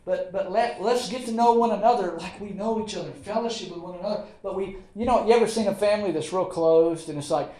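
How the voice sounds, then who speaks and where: A Southern US pastor preaching to his congregation in a high, tenor-leaning voice. He talks in a folksy way, repeating lines for weight and slipping in quick asides. The sound carries the roomy echo of a church hall. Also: mellow. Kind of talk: sermon. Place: church sanctuary.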